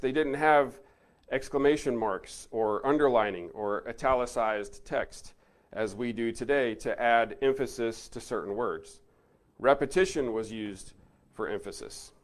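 Guy teaching a bible lesson, earnest, leans hard on key words then goes quiet and thoughtful. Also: medium pitch. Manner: earnest, emphatic on key words, drops soft for reflection.

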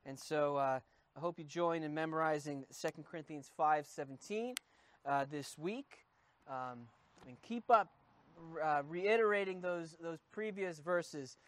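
A man's voice: a little high, unhurried. A man in his thirties, a pastor giving a conversational, encouraging sermon with frequent fillers.

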